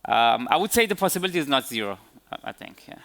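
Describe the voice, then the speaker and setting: Male tech speaker at a conference Q&A; bright voice, halting delivery. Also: medium pitch, very animated, vocal fry. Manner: hesitant, many fillers and restarts. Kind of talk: conference Q&A answers.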